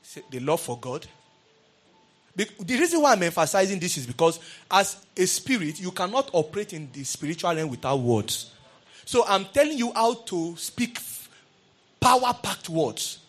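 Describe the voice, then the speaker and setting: A high-pitched man preaching to a congregation. He swings between soft, confiding asides and loud, ringing exclamations. He keeps calling out to the listeners for a response. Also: big pitch swings, moderate pace, soft background music. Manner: calls out to the congregation. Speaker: pastor. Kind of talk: sermon.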